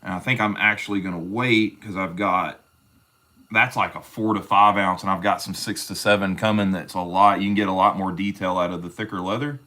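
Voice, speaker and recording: Guy, lowish voice, rambling folksy livestream chat while he does leather work, calls everybody brother. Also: steady tone, fairly quick, pushed and bright.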